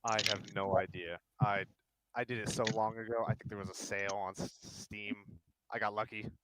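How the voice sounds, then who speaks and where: A man's voice: fairly low pitch, fairly even intonation, moderate pace, heavy background noise. A man in voice chat on a gaming stream, eagerly explaining a game at length in casual talk. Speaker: guest in voice chat.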